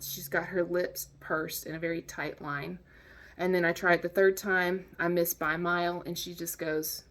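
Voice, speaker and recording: Wry woman telling a story, gravelly voice. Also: on the low side. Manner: lively, wry, acts out quotes. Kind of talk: casual personal anecdote.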